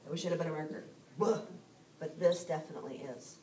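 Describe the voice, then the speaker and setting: Lower-voiced woman teacher explaining to students. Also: fairly even intonation, rapid-fire, warm tone. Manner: explains step by step, addresses students directly. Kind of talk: recorded classroom lesson.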